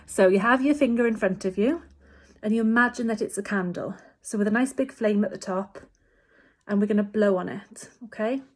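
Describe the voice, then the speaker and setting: A woman speaks as a physiotherapist, calmly and reassuringly walking her patients through breathing exercises. Her voice sits in the middle of the range, and she pauses often with small fillers as she explains. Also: mid-range voice. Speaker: hospice physiotherapist. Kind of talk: instructional talk to patients. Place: home.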